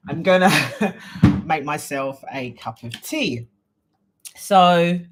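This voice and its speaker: A woman with an English accent, chatting casually and rambling on a live stream while moving around her home. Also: low voice. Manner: chatty and rambling, thinking aloud. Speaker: leadership trainer hosting a live Q&A.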